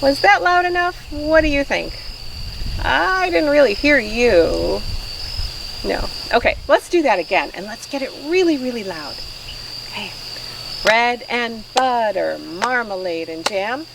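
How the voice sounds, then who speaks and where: A woman's voice: sits high, big pitch swings, unhurried, vocal fry, background noise. A woman leading a children's storytime with playful sing-song voice games, recorded outdoors on a farm. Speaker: children's librarian. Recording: distant outdoor recording with crickets.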